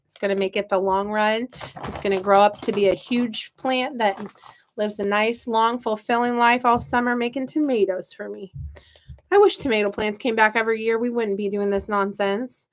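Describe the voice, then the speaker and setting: A Midwestern woman who hosts a gardening channel puts on a Southern US accent while chatting and joking with viewers in a casual live stream, even talking to her seedlings as she works. Her medium-pitched voice is brisk and fairly even in intonation.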